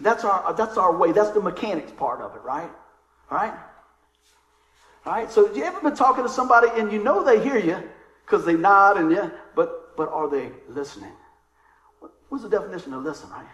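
A male pastor delivers a sermon from a church sanctuary, speaking in a high voice that swings widely up and down. He keeps it conversational and calls out questions to the congregation. The room rings with noticeable echo. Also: a bit bright.

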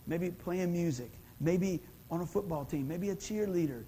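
This is a man delivering a sermon from the pulpit. His voice sits high for a man, and he talks in a folksy, conversational way, checking in with the congregation over and over. Faint room noise sits under the recording. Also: normal speed, mellow, rough recording. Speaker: pastor.

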